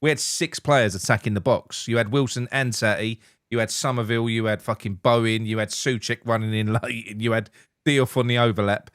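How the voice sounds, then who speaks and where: Man, casual football chat, sweary, joking, mid pitch, dry close sound. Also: fairly even intonation, fairly quick, fairly bright tone, clear, resonant tone, no echo. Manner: blunt, sweary, laughing banter. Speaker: show host.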